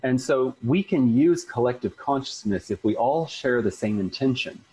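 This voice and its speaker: A man's voice: medium pitch, moderate pace, slightly rough, poor audio. A man casually telling a long personal story, chatty and full of fillers. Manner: chatty, filler-heavy, animated retelling.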